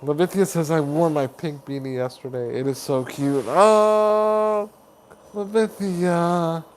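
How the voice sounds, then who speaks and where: A man hosting a live stream chat. He reads viewer comments aloud, greets people warmly by name as buddy and honey, and laughs often. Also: a little high, slow, a little hiss or hum. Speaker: livestream host.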